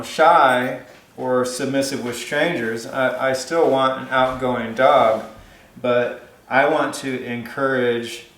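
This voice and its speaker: A man's voice: mid-range voice, reverberant, low-quality recording. A man giving dog-training advice in a casual, rambling way, with many fillers and restarts.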